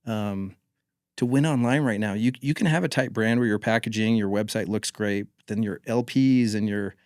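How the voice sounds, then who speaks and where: A former marketing executive from North Carolina appears as a guest on a casual podcast, discussing marketing in a thoughtful, opinionated way and admitting he mumbles. His voice is on the low side and darkish, at a moderate pace, in a dry, studio-quality recording.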